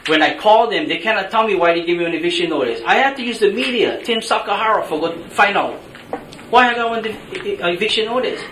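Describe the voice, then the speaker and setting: In an echoey large meeting room with faint hiss, a man with a Hawaiian Pidgin-tinged accent gives angry, blunt public testimony, pleading to be heard. His high-pitched voice is pushed and bright, fast, with lively intonation.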